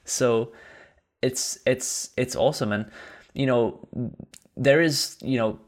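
A man's voice: mid-range voice, slow. A man in casual conversation, talking earnestly and reflectively with many fillers.

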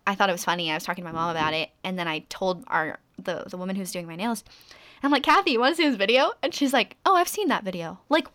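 A young woman co-hosting a casual chat, telling stories in a chatty way with quick asides. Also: fairly low pitch, expressive, fairly bright tone. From California. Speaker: co-host.

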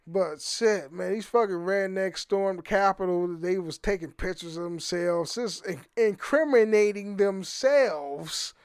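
A man's voice: high-pitched, takes it slowly, smooth, dry recording, studio quality. A man hosting his own podcast, rambling and swearing freely, often stumbling over repeated words and laughing. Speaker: podcast host. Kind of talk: casual solo podcast rant.

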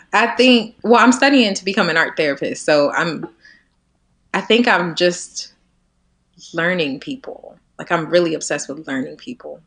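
A woman in her twenties talking reflectively as a podcast guest, laughing often and trailing softer at the ends of her thoughts. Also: medium pitch. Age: 20s. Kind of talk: casual conversation.

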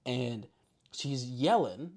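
A man's voice: medium pitch, drawn-out words. A man co-hosting a podcast, telling a story in casual chat and acting out what people said, often laughing. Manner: animated, laughing, acts out quotes. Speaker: podcast co-host.

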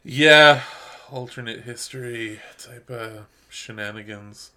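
A man co-hosting a podcast in casual chat, excitable, laughing and swearing often. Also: mid-range voice, slow. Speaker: podcast co-host.

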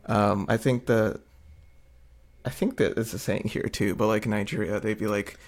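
A man co-hosting a podcast in casual chat, relaxed and joking, with lots of likes and ums. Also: lowish voice, moderate pace. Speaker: podcast co-host.

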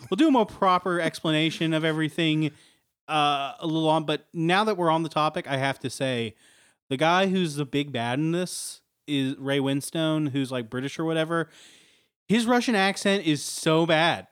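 Excitable male co-host, casual banter, a touch high, dry close mic. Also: moderate pace, clear, resonant tone, no echo. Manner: excitable, jokey, breaks into laughter. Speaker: podcast co-host. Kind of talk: casual chat.

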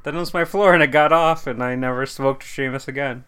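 A man's voice: mid-range voice, fast, background noise. A man co-hosting a podcast, telling rambling, jokey stories in casual chat. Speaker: podcast co-host.

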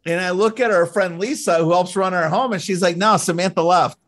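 Animated, emphatic male podcast host. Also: sits high, a little fast. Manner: animated, emphatic, repeats words when excited. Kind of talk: casual interview chat.

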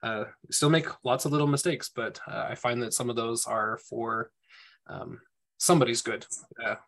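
A man's voice: medium pitch, fairly even intonation, normal speed, creaky, fairly bright tone. Thoughtful man speaking reflectively. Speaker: temple worker. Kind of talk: casual group discussion.

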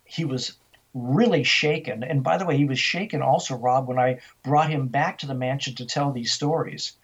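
A middle-aged man, an interview guest, telling a story in animated style and acting out the dialogue he quotes. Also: mid-range voice, moderate pace, breathy edge. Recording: dull, lo-fi sound.

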